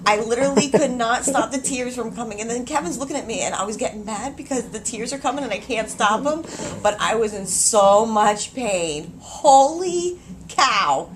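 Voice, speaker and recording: A woman in labor in a hospital room tells her story in casual, animated, exclamatory speech with frequent laughs, recorded on a handheld camcorder's built-in mic. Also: a little high, a little fast, few pauses, a little hiss or hum. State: having contractions.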